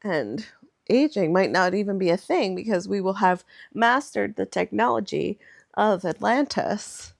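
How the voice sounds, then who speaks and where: A woman's voice: medium pitch, lively intonation, unhurried, gravelly. A woman hypnotherapist in a casual reflective vlog, meandering and spiritual, saying "like" often.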